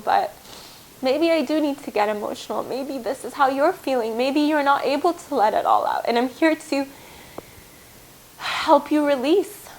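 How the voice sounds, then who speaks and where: A woman's voice: sits high, slight background noise, low-quality recording. A woman giving a heartfelt spiritual tarot reading, earnest and reassuring, speaking to viewers as her loves. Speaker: tarot reader.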